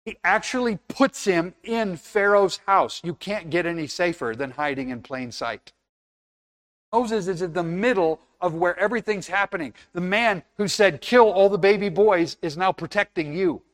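A man's voice: high-pitched, normal speed, a bit bright. A man preaching a sermon in an earnest, conversational way, now and then acting out little scenes.

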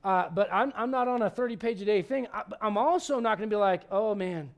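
High-voiced animated preacher man. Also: fast talker. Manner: animated, conversational preaching with frequent restarts. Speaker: pastor. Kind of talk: sermon.

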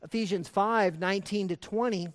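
A man preaching a sermon as pastor, emphatic, moving between soft asides and loud exhortation. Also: high voice, moderate pace, in a large hall.

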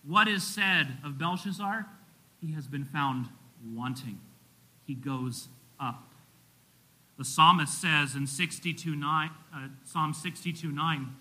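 A pastor delivers a sermon in a very bright, ringing voice that sits somewhat high for a man. He preaches earnestly, pushing louder on key points and sinking low and soft on solemn ones. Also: slow pace, poor audio. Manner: earnest preaching, rising loud for emphasis and dropping low.

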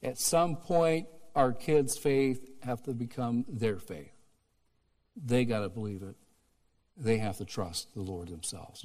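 Earnest pastor preaching in a reverberant hall. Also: male voice, mid-range voice. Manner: earnest, swings from emphatic to hushed. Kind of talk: sermon with altar call. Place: church sanctuary.

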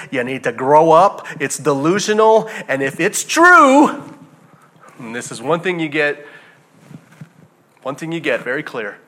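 A male preacher delivering a sermon in an impassioned, emphatic way, swinging between quiet reflection and loud emphasis. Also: on the high side.

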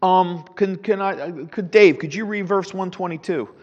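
A man leading a Sunday school Bible class, teaching in an animated, preacherly way with the odd chuckle. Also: high-pitched, measured pace, in a large hall, dull audio. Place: church classroom.

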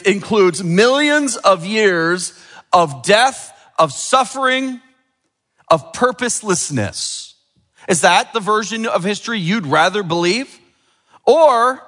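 Guy preaching a sunday sermon, bit high voice, big echoey church, keeps asking the crowd questions. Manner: asks the congregation rhetorical questions; lively preaching, swings from quiet to emphatic. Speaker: pastor. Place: church sanctuary. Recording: long hall reverb.

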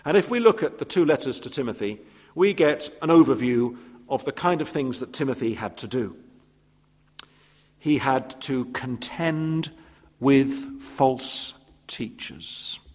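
A man's voice: mid-range voice, expressive, unhurried. A man preaching a sermon, telling stories with playful asides and acting out quoted voices. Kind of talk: expository sermon. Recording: long reverb of a church hall.

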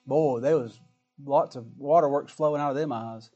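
A man's voice: medium pitch, moderate pace, warm tone, faint music behind. A man preaching a sermon in a folksy, dramatic style, with plain colloquial grammar and rising, emphatic lines.

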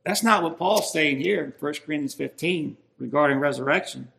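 A man's voice: on the high side, normal speed, gravelly, hardly any pauses, bright, forceful tone. A man preaching a sermon, emphatic and building in intensity as he stresses his points.

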